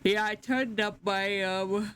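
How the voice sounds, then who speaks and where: Slow sleepy young woman streamer. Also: mid-range voice, fairly even intonation, fairly bright tone, slight background noise. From Australia. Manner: slow, chatty, giggly, sleepy and yawning. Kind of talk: casual live-stream chat.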